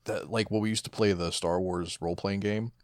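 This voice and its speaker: A man with a very low voice co-hosts a podcast, talking excitedly and stumbling over repeated words. He chats loosely and swears now and then. The recording is dry and close. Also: brisk, no room sound. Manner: enthusiastic, stammers and repeats words, swears casually. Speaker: podcast co-host. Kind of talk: casual chat.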